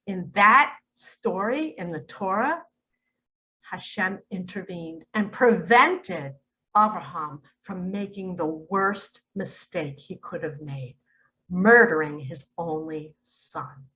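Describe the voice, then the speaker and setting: A woman speaking as a spiritual teacher in a religious monologue, emphatic, with sudden loud and hushed turns. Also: lowish voice, animated, slow pace, slight background noise, low-quality recording.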